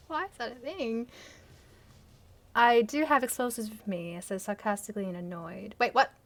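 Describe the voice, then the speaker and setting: Reading slowly with long pauses, a young channel host in a high-leaning voice revisits her teenage fan fiction aloud. Sarcastic, self-deprecating jabs and lots of laughter punctuate the reading.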